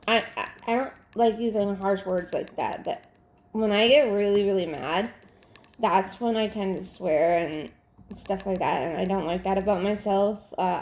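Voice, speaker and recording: A young adult woman, venting in casual chat while she works on a craft, exasperated and full of fillers and restarts. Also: medium pitch. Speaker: crafting vlogger. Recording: roomy echo.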